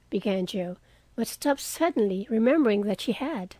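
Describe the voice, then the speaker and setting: A woman's voice: mid-range voice, lively intonation, normal speed, warm tone, no echo. Woman reading a classic novel aloud. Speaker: audiobook reader. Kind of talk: audiobook narration.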